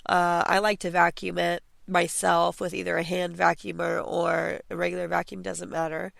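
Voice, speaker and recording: A woman's voice: lowish voice, flat delivery, normal speed, creaky, fairly bright tone, no room sound. A young adult woman hosting a casual clean-with-me podcast from home, chatty and encouraging, with many fillers and restarts. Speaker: podcast host.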